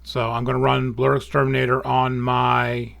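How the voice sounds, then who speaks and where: A man talks at an ordinary middle pitch, walking through software steps in a relaxed, thinking-aloud way and catching his own small slips. His voice is picked up close and dry at a home desk, with no room sound around it. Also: moderate pace, gravelly, dry recording. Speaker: astrophotography tutorial host. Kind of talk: casual screen-recorded software walkthrough.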